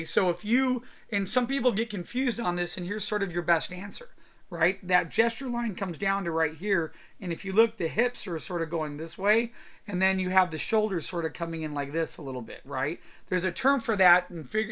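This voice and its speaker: Upbeat man explaining a drawing demo. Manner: casual, energetic explaining with filler words like boom and right. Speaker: drawing instructor. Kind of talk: screen-recorded drawing demo. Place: at his computer.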